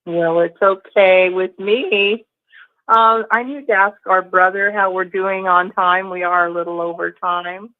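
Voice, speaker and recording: A woman co-hosting a radio talk show who answers a caller with affirming, warm replies. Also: medium pitch, steady tone, measured pace, dry recording. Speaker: co-host. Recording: tinny phone-like line.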